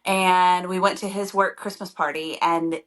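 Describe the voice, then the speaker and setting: A woman's voice: fairly low pitch, fairly even intonation, unhurried, fairly bright tone. A young woman co-hosts a podcast in easy, casual conversation. She tells her stories eagerly and gushes about them. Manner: enthusiastic, gushing storyteller. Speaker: podcast co-host, professor. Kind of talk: casual chat.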